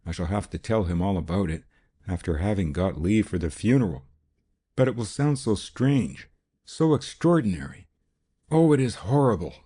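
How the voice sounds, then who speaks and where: A man's voice: fairly low pitch, animated, moderate pace, mellow, breathy edge. A man reading an audiobook, voicing a fragile, anxious young woman who speaks plaintively. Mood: distressed. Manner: tremulous, plaintive.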